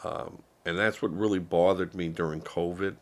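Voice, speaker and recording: A man's voice: low voice, fairly even intonation, moderate pace. An older man from the United States who is feeling unwell, giving rambling, sarcastic political commentary with lots of fillers on a live stream.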